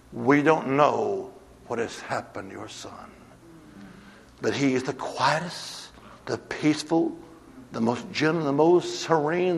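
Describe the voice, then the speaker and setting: A man preaching a sermon to his church, moving from quiet storytelling to shouted exhortation. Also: mid-range voice, gravelly, in a large hall, slight background noise. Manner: builds from hushed storytelling to shouted call-and-response exhortation. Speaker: pastor.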